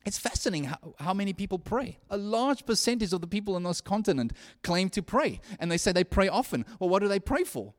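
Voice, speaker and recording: A man delivers a sermon in an earnest, conversational way, his voice sitting high for a man. He drops to hushed lines and then rises to loud ones, often restarting his phrases as he goes. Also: sing-song, a little fast, few pauses. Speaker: preacher.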